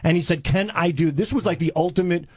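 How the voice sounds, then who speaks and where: A man in his forties from Long Island, New York, with a high, slightly rough voice, talks fast on a radio show. In casual banter he tells a self-mocking story, rambling and restarting his sentences. There's no echo.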